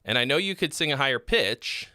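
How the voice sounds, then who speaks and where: Blunt man critiquing songs, bright clear voice. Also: medium pitch, lively intonation, fairly quick, no echo, studio quality. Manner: blunt, frequent fillers and throat clearing, swears. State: throat needs clearing. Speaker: host giving song feedback. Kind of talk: casual live critique.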